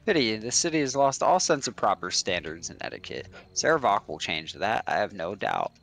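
A man's voice: lowish voice, big pitch swings, a little fast, creaky, fairly bright tone, full character voice. A man voicing a haughty male snob who looks down on everyone, reading game dialogue aloud. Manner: sniffy, mock-refined. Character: haughty male snob scorning the city's manners.

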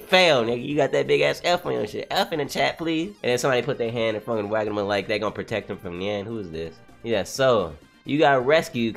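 A man reacting live to a comic as he reads it, excitable and profane, laughing often and swinging between high and low voices.

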